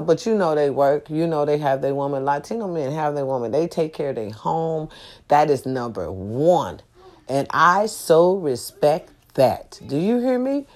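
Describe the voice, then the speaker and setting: Profane, preachy middle-aged woman vlogger. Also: low-pitched. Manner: profane, emphatic and preachy, addresses viewers directly. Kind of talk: casual venting monologue.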